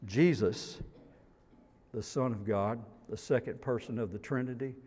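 A man preaching a sermon as pastor, emphatic and slow, his voice rising loud on key phrases and dropping to a near hush on others. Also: mid-range voice. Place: church sanctuary. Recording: long reverb of a church sanctuary.

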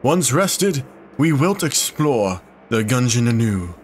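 A man's voice: medium pitch, big pitch swings, takes it slowly, slight background noise. A man voicing a grand, old-fashioned male adventurer, raising his voice into a lofty, archaic, theatrical delivery. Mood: grandiose. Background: game music.

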